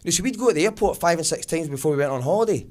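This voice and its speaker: A Glaswegian man doing stand-up comedy, his voice sitting a touch on the high side. He tells the story in an animated rush. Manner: animated, fast-paced storytelling.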